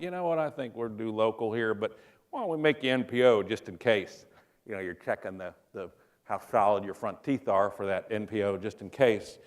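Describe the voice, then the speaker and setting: A middle-aged man, a physician, giving a conference talk in a joking, storytelling way and putting questions to the audience. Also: fairly low pitch. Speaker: physician speaker.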